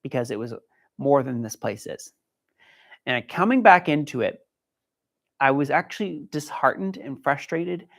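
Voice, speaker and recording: A man's voice: medium pitch, lively intonation, unhurried, vocal fry, long pauses. A man who trains dogs, giving an earnest, encouraging livestream talk from inside his training facility. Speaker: dog trainer. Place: indoor dog training facility.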